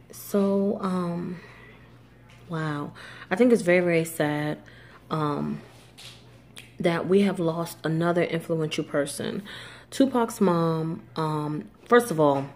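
A young woman from New Jersey talks straight to her viewers in a casual vlog. She speaks quickly and chattily, full of fillers and restarts, in a slightly low voice. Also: darkish tone. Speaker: vlogger. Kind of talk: casual talk to camera.

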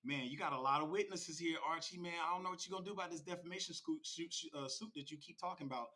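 Male crypto stream host, bright and forceful tone, slangy and rambling, reads chat aloud. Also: a little high, fast talker. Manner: loose, rambling, slangy, with many fillers and restarts. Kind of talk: casual livestream chat, reading viewer comments.

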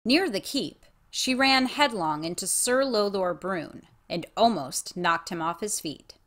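A female narrator of a fan audiobook reading. She reads slowly with a lively, varied pitch.

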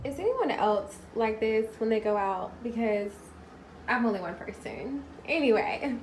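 Talking casually to her camera, a woman vlogging her trip tastes food as she goes, her fairly high voice expressive, a little mellow, and measured in pace. She's candid and chatty despite being irritated and tired, not from Hawaii, recording indoors in a hotel room and on the move with slight background noise.

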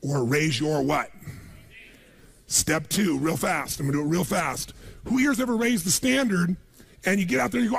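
Energetic male seminar speaker, gravelly and husky, working a live audience in a big hall. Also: high voice, moderate pace. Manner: energetic, calls for audience responses. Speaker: motivational speaker.

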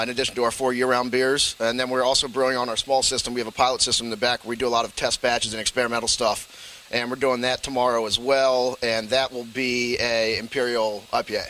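A man's voice: medium pitch, little pitch movement, quick pace, pushed and bright, a little hiss or hum, rough recording. A man who works as a brewmaster, answering interview questions at a brewery in a matter-of-fact, explanatory way.

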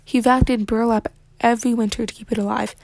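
A woman's voice: fairly high pitch, flat delivery, fast, creaky, darkish tone, dry recording. An earnest young gardener who keeps saying yes ma'am, read by a woman narrator. He is polite and eager to please. The sound is dry and close.

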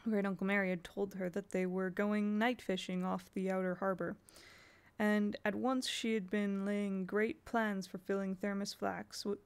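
A woman's voice: medium pitch, little pitch movement, moderate pace, clear, resonant tone. A woman reading a novel aloud in a casual way, now and then stopping to correct herself. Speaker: audiobook reader.

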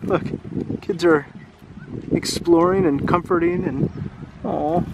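A man reads a children's book aloud in a casual, chatty way, stopping to muse and ask questions. His voice sits a little high. He is recorded outdoors at a seaside park with loud background noise. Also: sing-song, slow, creaky, lo-fi sound. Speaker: English teacher reading a picture book aloud. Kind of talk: casual storybook read-aloud.

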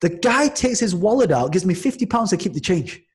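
Animated man from Manchester, slightly high voice. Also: fairly quick. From Manchester, England. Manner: lively, with frequent restarts and acted-out quotes. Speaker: podcast guest, entrepreneur. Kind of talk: animated storytelling in casual conversation.

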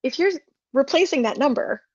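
Woman, interview guest, methodical explainer, clear delivery, dull lo-fi audio, dry sound. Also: sits high, lively intonation, moderate pace, no echo. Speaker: guest, marketing manager.

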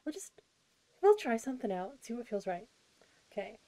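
A woman streaming a game, chatty, excitable and self-mocking as she comments casually. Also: fairly high pitch, moderate pace. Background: game music.

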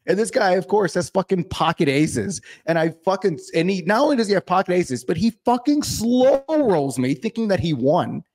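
A man's voice: sits high, sing-song, moderate pace, hardly any pauses, a little mellow. A man hosting a podcast, telling a card-table story in loose, profane casual chat that is full of laughter. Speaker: podcast host.

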